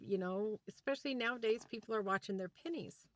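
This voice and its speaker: A woman's voice: fairly high pitch, quick pace. A woman vlogger telling a story as a rant, acting out both sides of a conversation. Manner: animated retelling with quoted dialogue. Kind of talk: ranting storytime. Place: inside a van.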